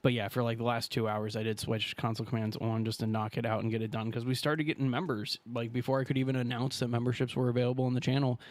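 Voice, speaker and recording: A man's voice: medium pitch, level tone, fast talker, few pauses, dry recording. A man streaming a survival game, chatting casually with viewers and thanking them while he plays. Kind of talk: casual live-stream commentary.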